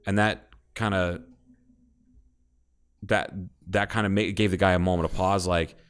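His low, level, clear and resonant voice comes a little slowly as this Ohio podcast co-host tells a story in casual chat. The tale rambles, full of profanity and many restarts.

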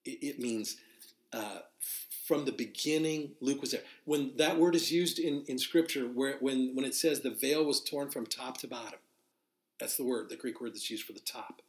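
A man's voice: mid-range voice, normal speed, reverberant. A man teaching verse by verse from the Bible as a pastor, in a conversational, unscripted way, often restarting his sentences. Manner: conversational, restarts and fillers, spells out Greek words. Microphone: live broadcast to listeners.

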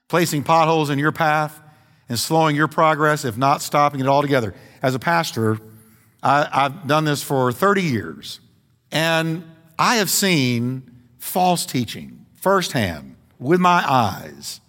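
A middle-aged male pastor delivers a sermon with a lively, swinging voice that climbs into emphatic questions. His tone sits a little higher than most men's. The sound carries a long reverb from the church hall. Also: unhurried. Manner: animated preaching, rising to emphatic questions. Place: church sanctuary.

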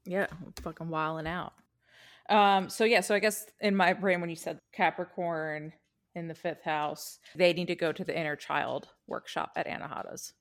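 A woman's voice: lowish voice, steady tone, moderate pace. A woman co-hosting a casual podcast chat, speaking eagerly and swearing freely. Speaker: podcast co-host.

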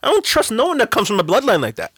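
A man's voice: very high voice, wildly swooping pitch, rapid-fire, a bit bright, breathy edge, dry recording, studio quality. A man in a casual chat, talking bluntly and profanely, often breaking into laughter.

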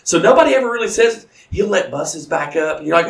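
A man's voice: sits high, expressive, brisk, gravelly, a bit bright. Rambling man in an echoey room. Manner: rambling storyteller, laughs often, restarts. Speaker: podcast co-host. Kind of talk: casual chat.

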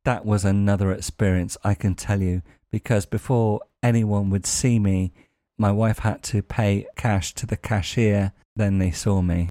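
A man with a lowish, mellow voice tells wry anecdotes, chuckling dryly now and then. The sound is dry and close, with soft guitar in the background. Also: steady tone, a little slow, dry recording. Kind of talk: anecdotal monologue.

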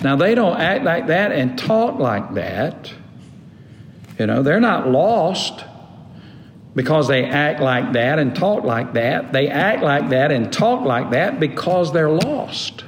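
A man's voice: on the high side, slight background noise. Preaching man in an echoey hall. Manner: emphatic preaching with pauses and sudden drops. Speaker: pastor. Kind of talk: sermon. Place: church sanctuary. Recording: echoey hall, faint room ambience.

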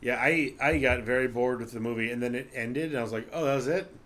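A man's voice: medium pitch, fast, a bit bright. Rambling male podcast co-host. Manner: rambling, heavy on fillers. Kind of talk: casual chat.

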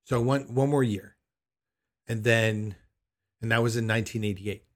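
A man's voice: mid-range voice, steady tone, moderate pace. A middle-aged man telling a personal anecdote in an emphatic, incredulous way. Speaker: storyteller.

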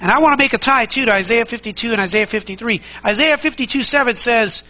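A man's voice: very high voice, quick pace, bright, forceful tone, poor audio. A man preaching a sermon as pastor, conversational and emphatic, asking the congregation many rhetorical questions and repeating key phrases.

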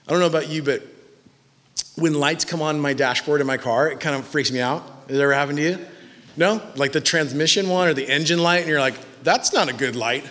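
A pastor in his twenties preaches a conversational, jokey sermon in a church hall, his voice medium-pitched and fairly bright. The recording carries the long reverb of a large hall.

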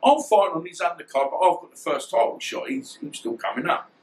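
A man's voice: high-pitched, sing-song, fairly quick, low-quality recording. A middle-aged man, a former boxer, telling stories in a casual interview and often restarting his sentences. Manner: rambling, restarts often, swears.

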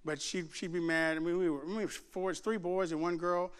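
Preaching to a laughing church crowd, a middle-aged pastor brings his sermon stories to life with jokes and voice impressions. His voice is high, smooth and a little fast.

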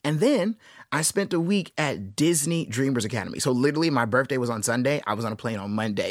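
A young man in his twenties hosting a podcast, telling stories in a casual, animated and enthusiastic way with playful asides. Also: mid-range voice, fast talker, no room sound, clean studio sound. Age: 20s. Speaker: podcast host. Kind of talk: casual storytelling monologue.

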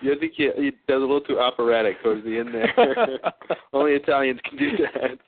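A man's voice: mid-range voice, fairly quick, vocal fry. A man chatting casually and joking, laughing often as he tries out accents. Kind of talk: casual chat. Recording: tinny phone-like sound.

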